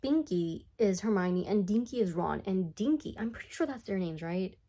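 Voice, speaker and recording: A woman's voice: medium pitch, moderate pace. Sarcastic, chatty woman recapping a cartoon. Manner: animated, sarcastic, chatty asides. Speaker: commentary YouTuber. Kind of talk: casual comedic recap of a cartoon.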